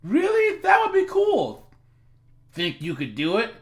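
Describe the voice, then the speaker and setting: A man's voice: extremely high pitch, huge pitch swings, unhurried, voice pushed up, exaggerated voice. A man voicing an eager young teenage girl while reading out an online chat. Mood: chatty.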